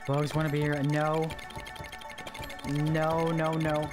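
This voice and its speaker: With music in the background, a streamer plays a game and chats with viewers, groaning, pleading and sounding squeamish in a slangy, repetitive way. Yet the mid-range delivery is completely flat and unhurried.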